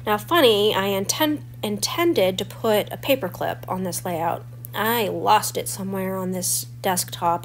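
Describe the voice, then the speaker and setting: A woman in her forties talks through a crafting tutorial in a chatty, explanatory way. Her voice sounds stuffy and a little crackly from a cold. Her pitch sits in a middle range, and a faint hum runs underneath. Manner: chatty and explanatory, walking through each step. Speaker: scrapbooking channel host.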